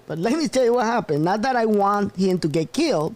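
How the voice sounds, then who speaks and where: A man's voice: high voice, sing-song, moderate pace, few pauses, a little mellow. A man hosting a casual news commentary show, rambling and often breaking into laughter. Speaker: host.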